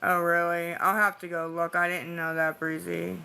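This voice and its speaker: A woman's voice: fairly low pitch, little pitch movement, normal speed, creaky, pushed and bright, a little hiss or hum. Tired, anxious woman livestreaming. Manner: anxious, pleading, rambling with restarts. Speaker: livestreamer talking to chat. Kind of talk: casual live-stream chat.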